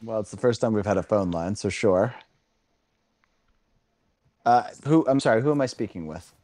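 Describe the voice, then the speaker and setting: A man's voice: on the low side, expressive, normal speed, darkish tone, dry recording, clean studio sound. A man hosting a casual comedy podcast, easygoing and often laughing. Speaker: podcast host.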